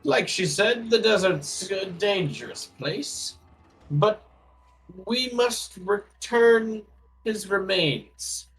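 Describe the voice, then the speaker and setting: A man's voice: sits high, animated, very slow, faint music behind, pitched above the performer's own voice, exaggerated voice, poor audio. Man doing a pompous panicky dwarf wizard. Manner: formal, fussy speech that turns to shouting.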